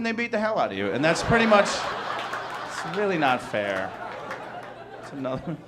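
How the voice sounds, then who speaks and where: A man's voice: high-pitched, sing-song, a little fast, a bit bright, a faint crowd. A man from Wisconsin doing a stand-up comedy set on a club stage, rambling and chuckling at his own jokes as he slips into mock voices.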